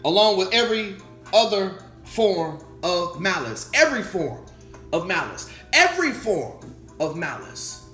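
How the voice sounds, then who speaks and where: A man preaching a sermon as pastor, animated, repeating his questions and acting out the voices of his listeners. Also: sits high, a little slow. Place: church sanctuary. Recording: echoey church room with music.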